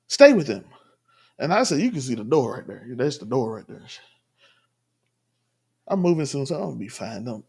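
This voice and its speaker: A man's voice: a little high, darkish tone, husky. A man from the Southern US giving rambling, emphatic casual commentary while reacting to a clip at home. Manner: rambling, emphatic, restarts often. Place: home room.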